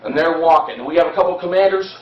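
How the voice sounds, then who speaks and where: A man with a fairly high voice tells a battle story to an audience, passionate and dramatic, speeding up and slowing down as he goes. He is heard from a distance in an echoey hall. The recording sounds dull and lo-fi. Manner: impassioned storytelling, shifting pace. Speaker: history presenter. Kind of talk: dramatic history talk to an audience. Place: hall at a historical society event.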